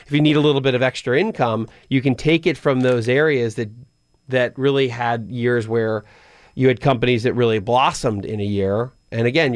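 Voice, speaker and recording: Speaking into a studio microphone in a radio studio, a mid-range male voice comes through dry. He hosts a finance call-in show, giving money advice in a conversational way that frequently restarts mid-sentence.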